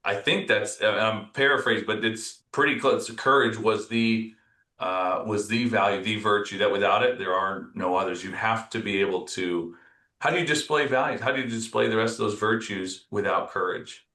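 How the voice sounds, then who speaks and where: A man's voice: lowish voice, moderate pace, echoey room. A man talking reflectively as a podcast guest, telling stories and voicing others' words with animation. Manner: reflective, storytelling, animated when quoting others. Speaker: podcast guest, company executive. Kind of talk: casual conversational interview.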